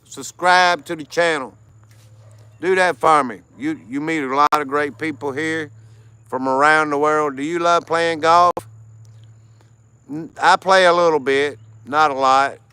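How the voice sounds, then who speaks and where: A man's voice: fairly high pitch, steady tone, a little slow, pushed and bright, clean tone, dry recording. A tired American man hosting a casual livestream, greeting chat viewers by name and laughing often. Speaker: livestream host.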